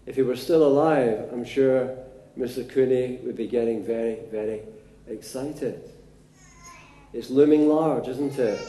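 A man delivers a sermon in an unhurried, conversational manner, with plenty of pauses and fillers. His voice is very dark and mellow, sitting at an ordinary pitch, and it rings around a roomy, echoing space. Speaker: preacher.

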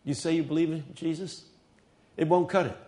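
A man's voice: on the high side, steady tone, brisk, mellow. A male preacher delivering a dramatic sermon, telling stories with humor.

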